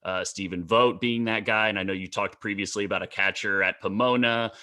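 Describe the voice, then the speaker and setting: A male podcast host with a bright, forward voice sitting slightly low. He asks rambling, friendly questions full of "like" and "uh" and keeps nudging the guest toward more stories. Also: fairly even intonation, brisk. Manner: encouraging, loose questions with fillers. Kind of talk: conversational interview questions.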